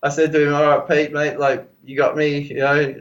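A man's voice: on the high side, completely flat delivery, a little fast, lo-fi sound. An Australian man, a podcast guest, telling a long rambling story with plenty of swearing, fillers and restarts. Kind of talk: casual storytelling.

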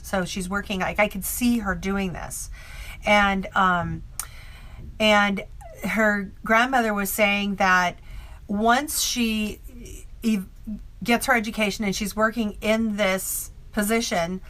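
Bright-voiced woman, rambling storyteller. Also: mid-range voice. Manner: rambling, filler-heavy, with many restarts. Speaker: psychic medium. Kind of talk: casual storytelling.

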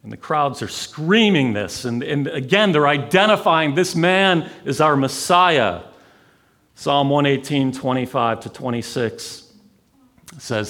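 A man preaching a sermon, telling the story with dramatic swings between raised intensity and near-whispered pauses. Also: on the high side. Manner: dramatic, swings from loud to hushed. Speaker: pastor.

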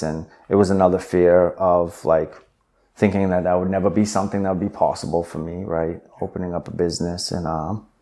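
Brief: young man, low voice, animated storyteller, lots of "like" and "um". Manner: animated retelling with filler words. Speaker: interview guest. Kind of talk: conversational storytelling.

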